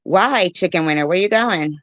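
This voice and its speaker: A woman's voice: on the low side, lively intonation, normal speed, dry recording, muffled recording. A woman hosting a casual livestream, reading the live chat aloud, confused and pleading with her chatters, often laughing. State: dry mouth.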